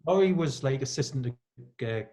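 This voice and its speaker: A man with a Geordie accent, a former footballer in his fifties, talks easily as a podcast guest. He tells stories and acts out the voices of the people in them. His voice sits at an ordinary pitch for a man. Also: expressive, a little fast, warm tone. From Newcastle, England. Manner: storytelling, acts out quoted lines with laughs. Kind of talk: relaxed anecdotal chat.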